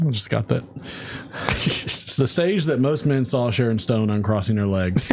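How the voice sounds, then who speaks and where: A man co-hosting a casual podcast, reading bar jokes aloud in an unhurried, dry tone. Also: mid-range voice, lively intonation, noisy background. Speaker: podcast co-host.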